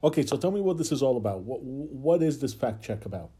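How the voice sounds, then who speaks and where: A man co-hosts a podcast, joking and teasing in a relaxed, easy chat. His voice is mellow and warm, sitting in a middle pitch. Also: quick pace, slightly rough, soft background music. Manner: playful, teasing. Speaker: podcast co-host.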